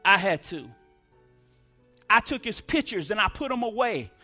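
A man's voice: sits high, very animated, normal speed, sharp tone, soft background music. A middle-aged man preaching a sermon testimony, emphatic, using call-and-response.

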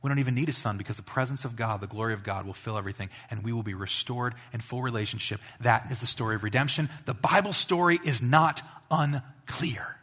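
A male pastor giving a conversational sermon, building to emphatic peaks and dropping to quiet asides. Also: fairly low pitch, steady tone, racing, hardly any pauses, husky.

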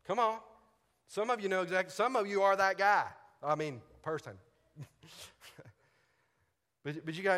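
Preacher telling a story in a reverberant hall. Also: male voice, high voice, normal speed, long pauses. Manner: animated storyteller, acts out radio dialogue, laughs often. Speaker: pastor. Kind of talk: sermon with personal story.

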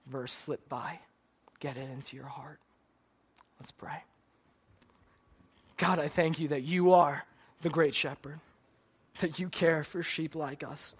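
A husky man with a voice on the high side preaches a sermon and leads a closing prayer. He is earnest and direct, repeating "God" and "Lord" as he prays and often asking his listeners "right?"

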